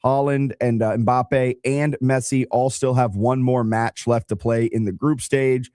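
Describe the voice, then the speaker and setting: A man hosting morning sports talk radio, upbeat and quick with the jokes. His voice sits at a middle pitch, recorded close and dry in a studio. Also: steady tone, darkish tone, no echo. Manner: upbeat, joking, quick banter.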